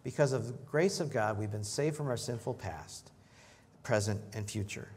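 A man preaching a sermon in a conversational way, joking with the congregation and rising in pitch and volume when he reads scripture. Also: moderate pace, a little mellow. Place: church in front of a congregation.

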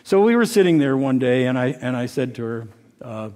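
A man giving an informal sermon through a personal story, halting and often repeating words as he restarts. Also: medium pitch, animated, darkish tone.

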